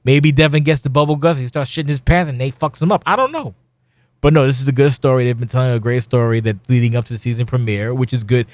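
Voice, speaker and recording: A man's voice: medium pitch, fast, no room sound. A middle-aged man hosting a casual podcast, rambling and swearing bluntly. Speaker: podcast host.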